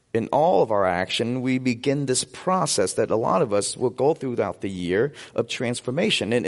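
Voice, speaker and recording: A man's voice: mid-range voice, in a large hall. A man preaching a sermon as pastor, conversational and joking with his congregation in a church sanctuary.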